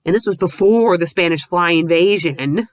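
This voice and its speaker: A woman reading a fan story aloud with mocking, deadpan asides. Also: on the low side, normal speed, no echo. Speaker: fanfiction reviewer. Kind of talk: sarcastic dramatic reading with commentary.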